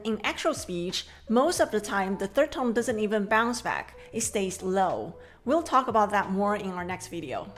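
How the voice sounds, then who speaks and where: Mandarin-native female teacher, 30s, calm and clear for a tone lesson. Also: mid-range voice. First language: Mandarin Chinese. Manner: clear, measured explanations with slow modeled drills. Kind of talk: scripted language lesson.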